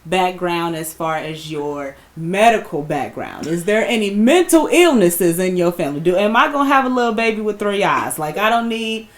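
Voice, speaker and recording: A woman co-hosting a podcast, talking in an earnest, deliberate way and laughing easily. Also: lowish voice, expressive. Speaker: podcast co-host. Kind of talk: casual podcast chat.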